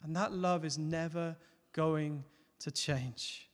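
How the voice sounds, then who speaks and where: A man preaching a sermon, earnest, rising to loud emphatic peaks and dropping to soft, close appeals. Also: on the high side, fairly even intonation, slow pace. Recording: long hall reverb.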